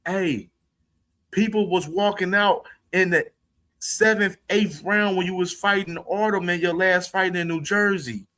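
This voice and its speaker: A man's voice: high voice, fairly even intonation, unhurried, pushed and bright. A man hosting a casual boxing live stream, laughing often, slangy and profane, talking straight to his chat. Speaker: boxing show host.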